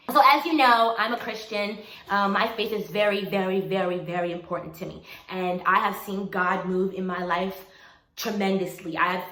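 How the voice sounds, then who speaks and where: A young woman in her twenties casually telling a personal story to camera, animated and laughing often as she acts out what people said. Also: lowish voice. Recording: echoey room with faint noise.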